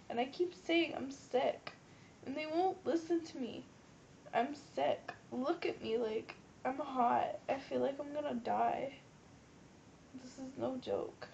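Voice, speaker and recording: A young woman in her late teens with a stuffy nose and a hoarse cold voice, rambling and giggly as she vlogs. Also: high voice, unhurried, a little mellow. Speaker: vlogger. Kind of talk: rambling casual vlog. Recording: dull lo-fi webcam audio with faint hiss.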